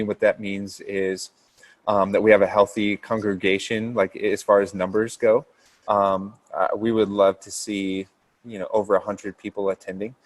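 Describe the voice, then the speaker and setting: A man with a low voice talks about his church in a casual interview. His delivery stays flat and even, earnest and unhurried, full of ums and small restarts. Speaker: pastor starting a new church campus.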